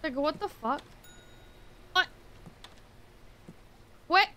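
A young woman streaming a game, reacting out loud with quick exclamations and frequent swearing. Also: high-pitched, expressive. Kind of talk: casual live-stream gameplay commentary.

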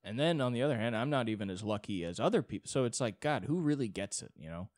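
A man's voice: mid-range voice, expressive, fast, darkish tone, dry recording. A young man hosting a solo podcast, rambling in a casual monologue with many restarts and frequent swearing. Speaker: podcast host.

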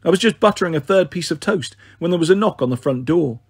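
A man reading a children's novel aloud in steady, expressive first-person narration. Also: fairly high pitch, quick pace, slightly rough, no room sound, studio quality. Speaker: storyteller. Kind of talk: children's book read aloud.

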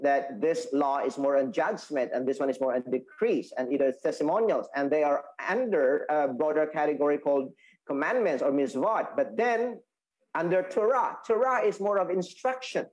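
A man teaching a Sabbath school Bible lesson, explaining slowly with many restarts and fillers. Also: a little high, expressive, a little mellow, poor audio. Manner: explaining, repeats and restates points, halting with fillers.

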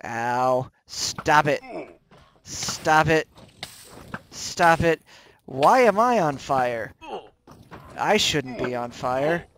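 A man hosting a game let's play, commenting on his own play with jumpy, excitable reactions, yelps and self-mockery, close to the microphone. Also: mid-range voice, extremely slow, slight background noise. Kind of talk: gameplay commentary.

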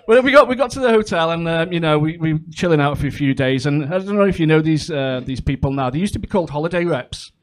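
A man's voice: fairly high pitch, fairly quick. A man performing a crude, chatty stand-up comedy set, full of ums and asides. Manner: chatty, crude, with frequent fillers.

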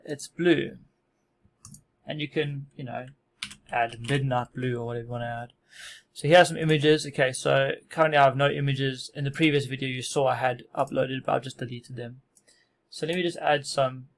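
A man casually walking through a software tutorial, relaxed and self-deprecating, with frequent fillers and restarts. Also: mid-range voice, vocal fry. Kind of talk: casual screen-recorded tutorial.

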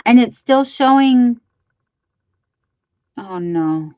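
A woman's voice: mid-range voice, slow pace, no echo, muffled recording. A woman hosting a live crafting stream, chatting casually and reading out viewer comments as she greets them by name.

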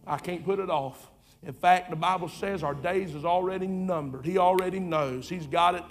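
Male pastor, high voice, fervent repetitive sermon delivery over soft music. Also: moderate pace. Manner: impassioned, repetitive, swinging from loud urging to quiet asides. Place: church sanctuary.

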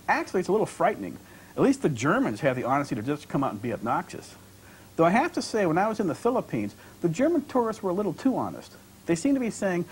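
A man's voice: sits high, slight background noise, rough recording. A man reading aloud from his novel, voicing a wry, talkative young American woman traveler with ironic, lightly defensive chatter. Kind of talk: author reading dialogue aloud.

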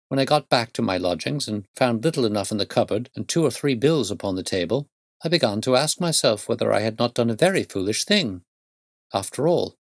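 A man reading the part of a firm, proud young woman governess in a measured, formal storytelling manner. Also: on the low side, no room sound, clean studio sound. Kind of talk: audiobook reading.

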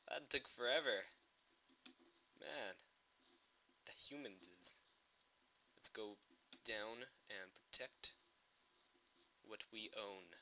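A man casually commentating his own gameplay, excitable and jokey, with quick bursts of alarm. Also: fairly low pitch, slight background noise.

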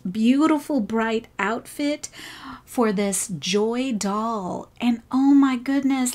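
A woman hosting a crochet channel, casually showing off viewers' craft projects and gushing over each one. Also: a little high. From United States. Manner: gushing, enthusiastic praise.

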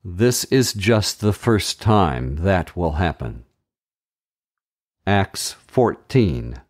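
Slow, low-voiced man reading scripture. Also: big pitch swings. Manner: measured, deliberate reading. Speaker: Bible reading podcast host.

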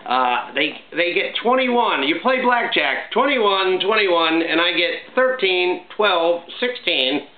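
A middle-aged man hosting his own vlog, talking in a chatty, upbeat, jokey way full of shout-outs. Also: sits high, lively intonation, takes it slowly, few pauses. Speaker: vlog host. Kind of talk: casual home vlog monologue. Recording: echoey, tinny phone-like sound, faint hiss.

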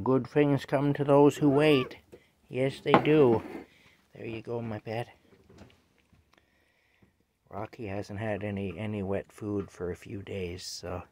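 Man, home phone video, slow fond cat talk, gravelly edge. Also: fairly low pitch, a little mellow, a little hiss or hum. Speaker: cat owner filming his cat. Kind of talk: casual home vlog talking to a pet. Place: at home indoors.

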